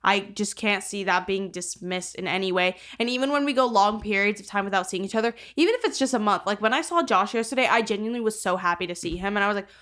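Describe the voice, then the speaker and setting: A woman's voice: medium pitch, fast, hardly any pauses, fairly bright tone. Young woman, podcast co-host, loose rambling chatter full of fillers and cursing. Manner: rambling, heavy use of "like", swears freely. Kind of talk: casual chat.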